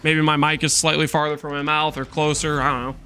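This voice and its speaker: Bright-voiced streamer man, chatty. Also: on the high side, little pitch movement, fairly quick, soft background music. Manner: chatty, joking, reacting to chat; talks while walking on a treadmill. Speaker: game streamer. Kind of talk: casual live-stream chat.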